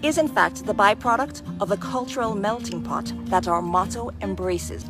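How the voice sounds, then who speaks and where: A woman's voice: medium pitch, expressive, normal speed, music in the background. A woman delivering emphatic, scolding commentary straight to her viewers. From Jamaica. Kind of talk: direct-to-camera commentary.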